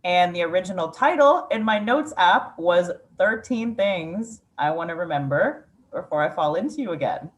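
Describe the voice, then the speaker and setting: Reflective woman poet, slightly low voice. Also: animated, normal speed, hardly any pauses, muffled recording. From Ukraine. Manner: reflective, candid, frequent "like" fillers. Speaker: poet, interview guest. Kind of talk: casual interview storytelling.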